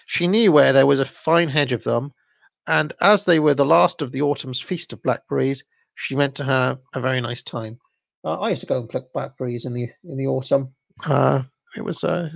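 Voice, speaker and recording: A man hosts a livestream, reading stories aloud and breaking off to chat in a hesitant, easygoing way. His voice has a gravelly edge. The audio is dull and dry. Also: mid-range voice, a bit bright, no echo. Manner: chatty, hesitant, with fillers and laughs. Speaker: channel host. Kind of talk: livestream story reading with commentary.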